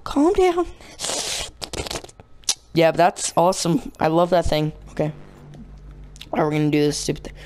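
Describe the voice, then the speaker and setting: A young man hosting a let's play, rambling with lots of fillers and bursting into yelling at the game. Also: fairly high pitch, level tone, brisk, slight background noise. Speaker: gaming channel host.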